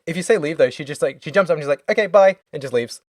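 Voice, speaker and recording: A man's voice: fairly high pitch, rapid-fire, no room sound, clean studio sound. A man co-hosting a podcast, casually recapping a story game's plot and dropping into quoted character lines. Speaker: podcast co-host. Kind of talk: casual game recap chat.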